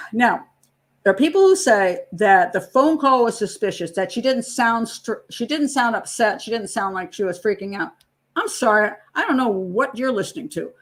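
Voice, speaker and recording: Argumentative woman profiler, higher voice. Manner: conversational, argumentative, acts out quotes. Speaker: true crime profiler host. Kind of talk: casual analytical commentary.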